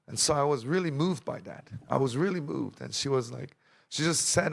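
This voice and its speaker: A man's voice: medium pitch, animated, normal speed, creaky. A young man giving a personal testimony to a church congregation, telling his story with emotion and acting out the dialogue.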